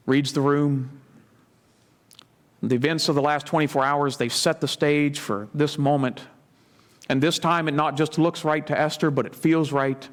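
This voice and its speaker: A man preaching a sermon as a pastor, retelling a Bible story dramatically with casual asides. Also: mid-range voice. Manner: conversational asides.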